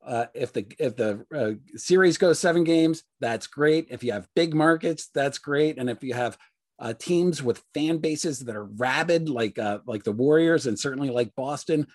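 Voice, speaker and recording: A man with a Mid-Atlantic American accent co-hosts a sports podcast in a husky, mid-pitched voice. He talks in a measured way and pushes back firmly. He keeps the tone of casual chat. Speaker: podcast co-host and sports media reporter.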